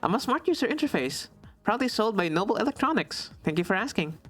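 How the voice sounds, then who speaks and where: A man's voice: high voice, big pitch swings, quick pace, fairly bright tone, soft background music, voice pushed up, heavily acted. A man doing a chirpy robot receptionist. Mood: chipper. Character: chirpy robotic police-station assistant, eager to advertise.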